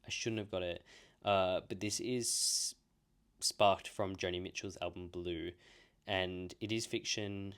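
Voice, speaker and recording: A man's voice: deep voice, fairly even intonation, a little slow, fairly bright tone, clean tone. A young Australian man in his twenties chatting casually and rambling through a book haul, poking fun at himself. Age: 20s. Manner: chatty, rambling, self-mocking. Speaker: book vlogger.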